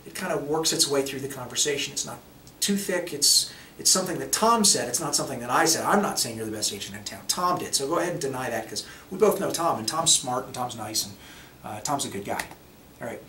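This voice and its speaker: A man's voice: on the high side, sharp tone, a little hiss or hum. A man giving a casual sales training talk, acting out sample phone calls as he explains them. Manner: conversational, acts out sample phone scripts. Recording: echoey room, mic at a distance.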